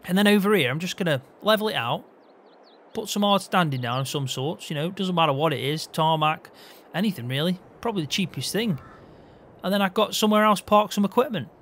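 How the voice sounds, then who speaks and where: An easygoing farm hand chatting through a farming-game roleplay, as a man plays him. He talks with a high, lively voice and often laughs off his boss's jabs. A faint hiss sits under him. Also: brisk. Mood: explaining. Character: young male farm hand with his own caravan.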